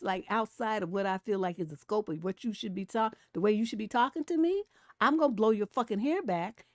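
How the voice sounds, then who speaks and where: A woman's voice: on the high side, no room sound, studio quality. Blunt, profane middle-aged woman host. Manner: blunt and profane, swings from mellow to heated; laughs between points. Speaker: relationship coach hosting a livestream. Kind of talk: casual livestream advice talk.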